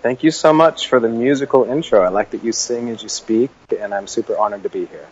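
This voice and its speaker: A man's voice: mid-range voice, fairly quick, darkish tone, lo-fi sound, slight background noise. A man speaking as a podcast guest in an easygoing, casual interview chat, laughing readily. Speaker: podcast guest, acro yoga co-founder.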